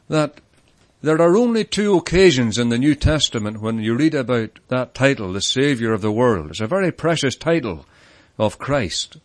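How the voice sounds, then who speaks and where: A man's voice: mid-range voice, no room sound. Earnest preacher man in a tent. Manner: earnest, emphatic, stresses key words. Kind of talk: sermon. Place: large tent meeting.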